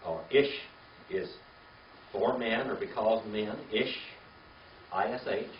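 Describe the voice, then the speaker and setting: Patient older man teaching a class. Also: takes it slowly. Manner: patient, coaxing, checks in with "okay?" and "all right?". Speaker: Hebrew teacher. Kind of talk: classroom lesson, spelling out words. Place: classroom with students. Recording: roomy, distant, dull low-fi with faint hiss.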